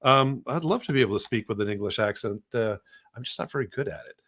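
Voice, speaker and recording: A man's voice: mid-range voice, animated, quick pace, fairly bright tone. Man, podcast co-host, casual and rambling, filler-heavy demo talk.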